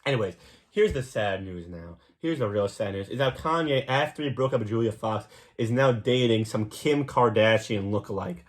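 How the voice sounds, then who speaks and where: A young man hosting a podcast, delivering a crude, rambling comedic monologue with sudden loud jumps. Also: on the low side, moderate pace. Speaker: podcast host.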